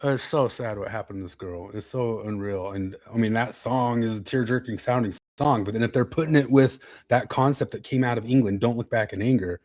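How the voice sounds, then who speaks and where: A man's voice: medium pitch, brisk, hardly any pauses, darkish tone, dry recording. A man hosting a casual podcast, rambling with restarts and reading chat comments aloud. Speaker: podcast host.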